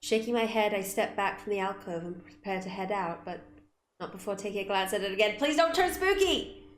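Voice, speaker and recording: A woman gamer reading a visual novel aloud with expressive delivery and blunt, swearing asides. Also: mid-range voice, a little fast. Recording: roomy room with music behind.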